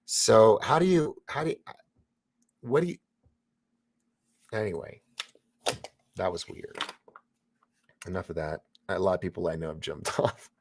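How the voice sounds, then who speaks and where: A deep-voiced man hosts a casual livestream, reading viewer comments aloud in a sing-song, slightly slow way with long pauses. He rambles, laughs, and leans on plenty of fillers, and the background is noisy.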